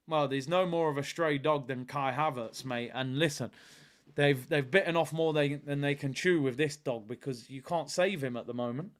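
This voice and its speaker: A man hosts a live football watchalong in a chatty, upbeat way. His voice sits a little higher than most men's. He reads out viewer comments and gives them shout-outs between his match analysis. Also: normal speed.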